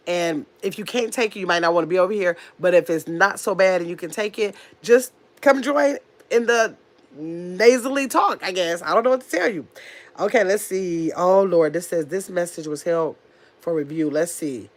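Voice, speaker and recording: A woman in her fifties with a nasal voice, hosting a casual livestream, talking very fast and bluntly while reading chat comments. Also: fairly low pitch. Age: 50s. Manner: talks very fast, blunt and chatty. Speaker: livestream host.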